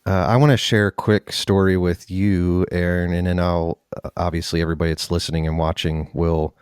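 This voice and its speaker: Low-voiced man hosting a casual chat. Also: a little fast, clear, resonant tone, no echo, clean studio sound. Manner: storytelling, chatty and animated. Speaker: podcast host.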